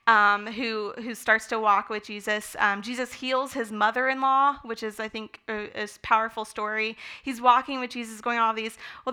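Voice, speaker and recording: A woman giving a conversational Bible teaching, enthusiastic and relaxed, with the odd filler. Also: on the high side, smooth. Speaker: speaker teaching a Bible study. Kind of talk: sermon-style Bible teaching.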